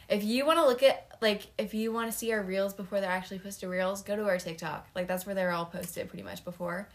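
A woman's voice: mid-range voice, fairly even intonation, fairly quick. A young woman co-hosting a podcast in casual chat, rambling with lots of fillers and giggles. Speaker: podcast co-host.

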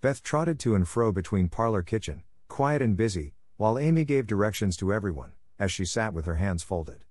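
Brief: male storybook narrator, low voice, dry close recording. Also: dry recording. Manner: measured, expressive. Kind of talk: audiobook reading of a classic novel.

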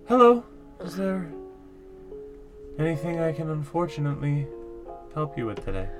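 A man's voice: a little high, very animated, moderate pace, over music. Give me a man playing a solemn older half-elf undertaker with a prickly, defensive edge. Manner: defensive, rising to irritated.

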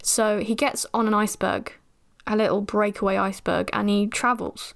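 A woman's voice: medium pitch, little pitch movement, normal speed, vocal fry. A young woman hosting a podcast and recapping a film in a chatty, rambling, self-deprecating way. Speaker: podcast host.

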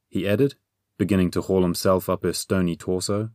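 Male audiobook narrator, low, measured, dry close read. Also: fairly even intonation, dry recording. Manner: measured, gently humorous storytelling. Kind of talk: scripted fantasy narration.

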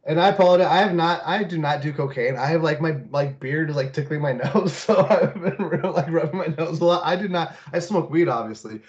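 A man's voice: a little high, fairly quick, hardly any pauses. Rambling male podcast host, muffled mic. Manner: rambling, with many fillers and laughs. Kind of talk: casual sports podcast chat.

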